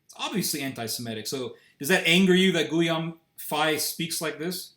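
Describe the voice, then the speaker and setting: A man's voice: on the high side, lively intonation, normal speed, fairly bright tone. A man interviewing a guest in a confrontational way, pressing and interrupting with emphatic questions.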